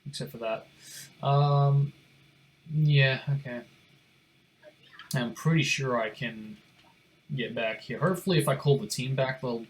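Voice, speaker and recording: A young man giving casual gameplay commentary, rambling, muttering to himself and swearing now and then. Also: mid-range voice. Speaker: gaming streamer.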